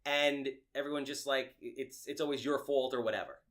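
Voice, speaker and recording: A man's voice: mid-range voice, steady tone, normal speed, a bit bright. A man with a nasal voice, hosting a podcast in brash, joking chat. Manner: brash, joking salesman patter. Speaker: podcast host. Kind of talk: casual interview chat.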